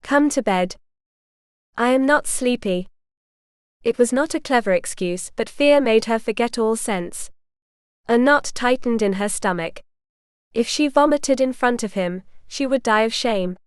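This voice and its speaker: A woman narrating a romance audiobook in a measured, even storytelling manner. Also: a little high, smooth, no room sound, clean studio sound. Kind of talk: scripted narration.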